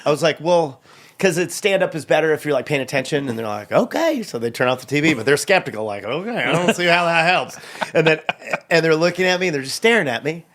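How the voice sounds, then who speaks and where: A man's voice: a little high, quick pace. A middle-aged man telling comic stories on a podcast, acting out the people in them and laughing often. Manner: lively, acts out voices of people in his stories, laughs often. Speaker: stand-up comedian guest. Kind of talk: animated storytelling on a podcast.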